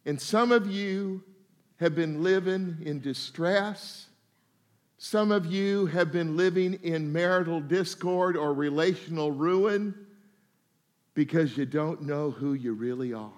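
A pastor preaching a sermon, folksy and humorous, sometimes slipping into quick mock voices of his listeners. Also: on the high side.

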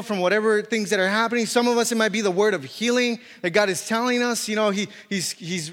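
A man with a notably high voice preaches in a loose, animated style, full of restarts and "you know" fillers. His voice rings through a reverberant church hall with a long tail of echo. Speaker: pastor. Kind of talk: sermon.

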